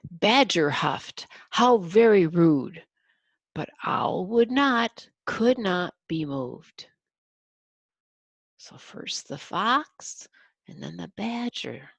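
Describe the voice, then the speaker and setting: Slow, gravelly older woman reading aloud. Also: medium pitch, animated, dry recording. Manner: gentle, teaching, pauses to explain and count. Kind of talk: reading a picture book aloud with explanations.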